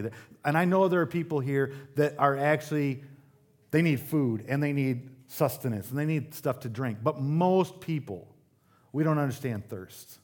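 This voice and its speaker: A man's voice: mid-range voice, measured pace, a little mellow. Male Midwestern pastor, conversational sermon delivery with humorous asides and emphatic peaks. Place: church service.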